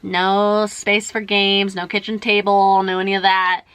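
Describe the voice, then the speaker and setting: A young woman talks straight to camera as she does her makeup, rambling through a story with exasperated asides. Her voice is bright and forward, and it is recorded close and dry with no room sound. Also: mid-range voice, level tone, a little slow, smooth, no room sound. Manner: rambling, exasperated, says "freaking" and "like" a lot. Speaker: beauty vlogger. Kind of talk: chatty makeup tutorial storytelling.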